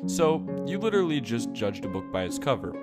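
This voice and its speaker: A young man giving casual, jokey reaction commentary on internet videos, dry and wry, often laughing or shouting for effect. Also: medium pitch, big pitch swings, a little fast, loud music behind the voice.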